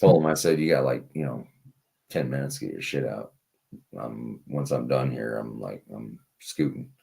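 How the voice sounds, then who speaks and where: Male host with a very deep, gravelly voice, casual and profane storyteller. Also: moderate pace, mellow. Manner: rambling storyteller, profane, many fillers. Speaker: tow truck driver telling a story. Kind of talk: casual podcast chat. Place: indoors, streamed talk show.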